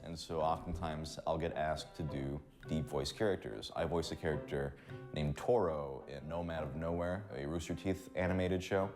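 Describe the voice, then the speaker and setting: A man's voice: a bass voice, moderate pace, over music. A man who is a voice actor, explaining in an interview how he makes character voices, and acting out bits of them as he goes. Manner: animated, demonstrates voices as he explains.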